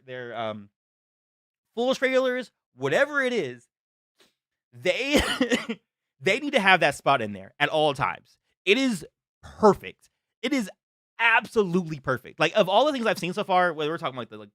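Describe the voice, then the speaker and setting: A young man hosts a live-stream reaction, excitable and full of exclamations and laughter. His voice sits a little high and is bright and forceful, with lively swings in pitch. The sound is dry and close, recorded at a desk mic. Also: no room sound.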